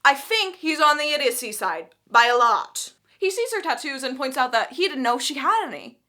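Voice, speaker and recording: A young woman recapping a book with sarcastic, animated asides. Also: sits high, normal speed.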